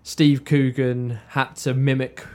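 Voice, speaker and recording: A man, chatting as podcast co-host and telling stories in a relaxed, chatty way. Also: medium pitch, slow pace. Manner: chatty storyteller, often says like and obviously. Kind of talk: casual chat. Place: warm indoor room.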